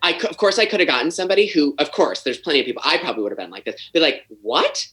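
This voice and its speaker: A man's voice: on the high side, very animated, racing, a bit bright, low-quality recording. A man telling stories as a podcast guest, profane and self-mocking, acting out scenes as he goes. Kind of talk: animated storytelling.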